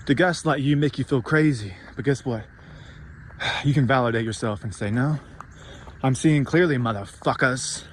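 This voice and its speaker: A man's voice: mid-range voice, a little slow, pauses often, slight background noise. A man delivering an intense, profane motivational rant, rambling and mocking himself as he goes. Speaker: podcast host.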